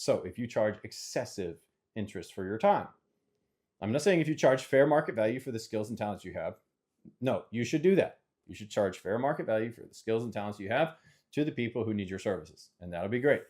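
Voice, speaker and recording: A man's voice: mid-range voice, a little mellow. A middle-aged man speaking off the cuff as a channel host, earnest and a little preachy, citing scripture while giving money advice. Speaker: investment CEO and channel host. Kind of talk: unscripted motivational monologue.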